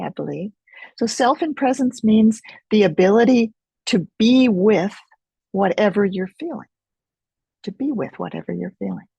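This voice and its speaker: A middle-aged woman leading an experiential teaching webinar in a gentle, reflective way, pausing often, over a video call mic. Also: medium pitch, gravelly, husky, dry recording. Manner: gentle, reflective, unhurried with pauses. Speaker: Focusing teacher.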